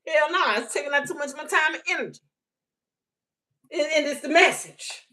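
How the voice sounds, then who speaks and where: A woman's voice: sits high, steady tone, brisk, pushed and bright, low-quality recording. A woman giving a livestream spiritual message, emphatic and repetitive, blunt and often profane, speaking into a phone.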